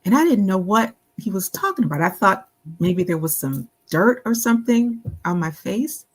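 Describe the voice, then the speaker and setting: Middle-aged woman, guest author; husky, measured storyteller. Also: medium pitch, very animated, rough recording. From Buffalo, New York. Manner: measured, reflective, many ums. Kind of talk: interview storytelling.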